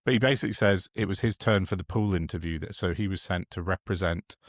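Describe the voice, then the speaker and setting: A man's voice: low-pitched, fast talker, no echo, clean studio sound. An English man co-hosting a political podcast, talking casually and reading out quotes with plenty of ums and restarts. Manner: hesitant, reads out quotes with many fillers. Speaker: podcast co-host.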